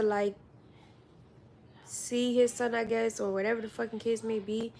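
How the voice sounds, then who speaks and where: A woman's voice: a little high, vocal fry. A young woman giving blunt, profane casual commentary, often laughing. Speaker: commentary vlogger.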